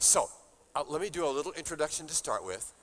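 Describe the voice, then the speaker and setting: A man's voice: a little high, animated, fast talker, a bit bright. An older man leading a university chapel service, telling a story between songs with playful, joking exaggeration. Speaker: chapel musician and worship leader.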